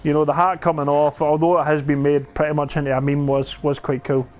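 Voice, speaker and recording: Animated young man chatting. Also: on the high side, fairly quick, muffled recording. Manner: animated storyteller, laughs mid-sentence, says "aye". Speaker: podcast co-host. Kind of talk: casual gaming chat.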